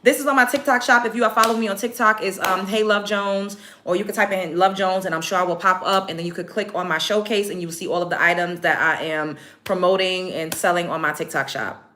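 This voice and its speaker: A woman's voice: lowish voice, fairly even intonation, fast talker, bright, forceful tone, a little hiss or hum. A woman hosting a casual livestream from home while doing her makeup, brash and confrontational as she reads out comments. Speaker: livestream host.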